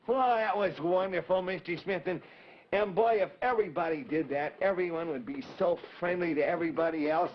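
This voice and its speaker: Guy doing a high-ish eager boy puppet, stammers a lot, old dull 1950s tv sound w a bit of hiss. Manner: stammering, repeats words. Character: eager young boy puppet, friendly and earnest. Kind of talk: 1950s live children's TV.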